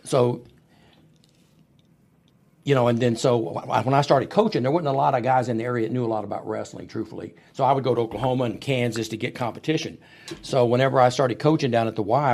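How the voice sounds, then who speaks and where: A man's voice: mid-range voice, vocal fry. A middle-aged man, a podcast guest telling wrestling stories and acting out the voices of the people in them. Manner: animated storyteller who acts out quoted voices. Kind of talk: storytelling interview. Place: podcast studio.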